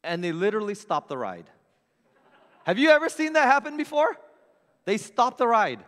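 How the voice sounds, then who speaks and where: A man's voice: sits high, sing-song, normal speed, a bit bright, in a large hall. A man in his thirties telling a funny personal story in a self-mocking way, acting out voices and sounds.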